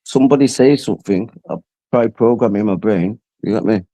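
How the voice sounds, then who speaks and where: A man's voice: fairly low pitch, fairly quick, mellow. A man chatting casually as host, rambling in street slang. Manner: rambling, slangy, says "you get me". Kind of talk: casual chat.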